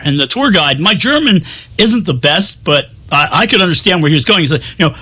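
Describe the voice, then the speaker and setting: Rambling, chatty man with a husky voice. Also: a little high, animated, fast talker, bright, forceful tone. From Philadelphia, USA. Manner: chatty, self-deprecating, frequent fillers and restarts. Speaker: music show host. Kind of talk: rambling casual to-camera talk.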